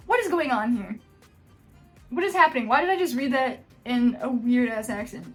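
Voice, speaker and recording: A woman hosting a casual reaction vlog, jokey, animated and self-deprecating. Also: on the high side, moderate pace, faint music behind. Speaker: video host.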